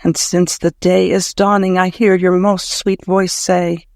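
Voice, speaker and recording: High-voiced man reading devotional prose. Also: flat delivery, measured pace, vocal fry, few pauses, darkish tone, no room sound, clean studio sound. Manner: fervent, prayerful, emotional. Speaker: audiobook narrator.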